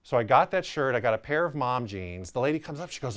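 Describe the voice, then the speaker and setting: Here a New Orleans-accented real estate agent in his thirties shares a personal story frankly and with energy, acting out the characters in their own voices. His pitch is mid-range and his delivery brisk.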